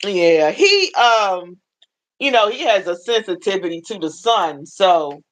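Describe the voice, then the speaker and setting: A woman hosting a casual livestream chat, telling animated stories and acting out the people she quotes. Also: unhurried, rough recording. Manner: animated storyteller, acts out quoted voices with high pitch. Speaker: livestream host. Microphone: phone livestream.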